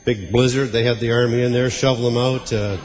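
A man's voice: medium pitch, steady tone, fairly quick, faint music behind. A man doing stand-up comedy, rambling and wry with stammering asides. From Canada. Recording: live hall with audience noise.

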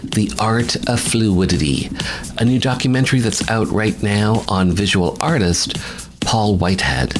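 A male radio host with a very low voice reads the show's opening in an upbeat announcing style. A clear music bed plays under his words throughout. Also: measured pace. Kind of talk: radio show introduction.

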